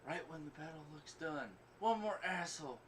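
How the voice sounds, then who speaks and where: A man chatting casually on a podcast, animated and profane, jumping between loud bursts and low mutters. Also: moderate pace, a little hiss or hum. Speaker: podcast co-host. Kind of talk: casual chat.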